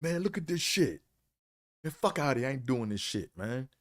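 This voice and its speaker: A man voicing an outraged young male college freshman who shouts his complaints and swears indignantly. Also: mid-range voice, big pitch swings, moderate pace, voice pushed up, natural voice.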